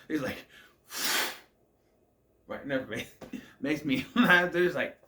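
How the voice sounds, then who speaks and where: A man's voice: fairly high pitch, bright, forceful tone. A man casually recapping and reviewing a TV episode, musing aloud, questioning the plot and often trailing off with "I don't know.". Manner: laughs at the scenes.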